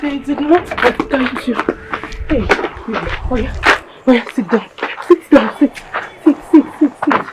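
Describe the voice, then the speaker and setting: Uma jovem esposa magoada, em fala lenta. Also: female voice, high voice, measured pace, heavy background noise. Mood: raving. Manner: pleading then raving, agitated. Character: wronged young wife driven mad, Esther. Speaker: actress. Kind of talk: Nollywood drama acting. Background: music.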